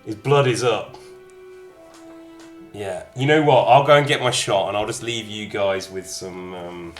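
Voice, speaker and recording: A man's voice: lowish voice, unhurried, faint music behind. A man casually chatting to his live-stream viewers as he plays a game, reading out their comments with jokey asides. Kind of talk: casual live-stream chat while gaming.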